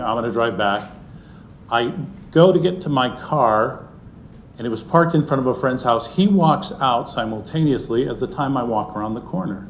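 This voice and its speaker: A middle-aged man recounts a personal story before a live audience in an earnest, unhurried way. His voice sits at an ordinary pitch and often drops to a soft, hushed level. A faint low rumble hums behind him. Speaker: speaker sharing a personal story.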